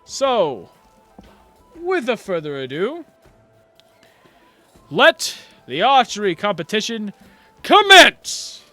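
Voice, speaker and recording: A man voicing a boisterous male archery tournament announcer who proclaims loudly and stumbles over fillers. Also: high voice, wildly swooping pitch, no room sound, soft background music, voice pushed up, exaggerated voice. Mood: proclaiming. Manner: loud, proclamatory, halting with fillers.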